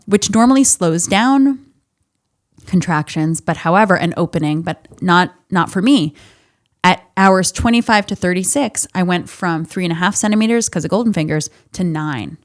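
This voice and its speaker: A woman in her thirties hosts a podcast, sharing a personal story candidly, profanely, and emotionally while laughing and tearful. Her voice is on the low side at normal speed.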